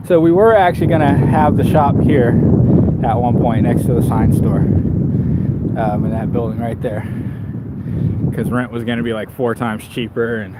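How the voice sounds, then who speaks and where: A man with a mid-range voice speaks at normal speed during a live stream from his bike as he rides through town. He owns a bike shop and vlogs, and he rambles self-deprecatingly with frequent laughs, his action camera catching the outdoor traffic and street noise.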